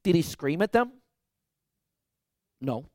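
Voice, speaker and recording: A man preaches a sermon with a slightly high voice. He drives his points hard, then drops to a hushed tone. The recording is dry and close. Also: very animated, slow, no room sound. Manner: emphatic preaching, swings from loud to hushed. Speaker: pastor.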